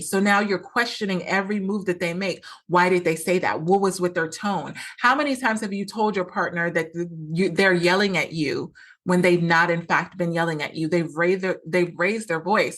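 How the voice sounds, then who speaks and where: A woman's voice: fairly low pitch, a bit bright. Woman podcast host, earnest coach vibe, repeats herself a lot, acts out quotes. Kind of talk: solo podcast monologue.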